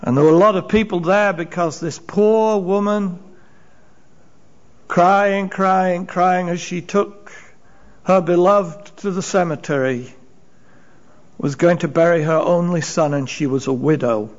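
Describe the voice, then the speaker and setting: A man's voice: on the high side, moderate pace, muffled recording. A man preaching a sermon, retelling Bible stories with emphasis and acted-out voices. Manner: storytelling, acting out voices, rising and falling emphasis.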